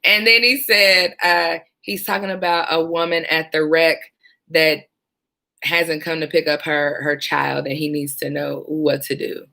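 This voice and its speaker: A former 911 dispatcher telling stories from the job in a casual, animated way, often breaking into laughter. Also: female voice, low-pitched, a little slow, gravelly. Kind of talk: casual storytelling vlog.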